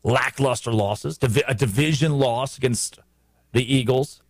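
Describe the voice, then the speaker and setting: A man's voice: mid-range voice, a little slow, no echo. Man, sports talk host, emphatic, repeats himself, dry close sound. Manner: emphatic and animated, with frequent restarts and repetition. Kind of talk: animated sports commentary.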